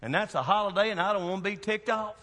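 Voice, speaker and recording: A man's voice: sits high, fast talker, pushed and bright, big-room sound, a little hiss or hum. A man, a pastor preaching a sermon with folksy, emphatic storytelling.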